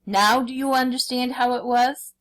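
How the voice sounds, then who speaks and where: A woman's voice: medium pitch, lively intonation, measured pace, a bit bright. A woman reading a story aloud, voicing an impatient, bossy male tiger who roars at the others. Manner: roaring, impatient.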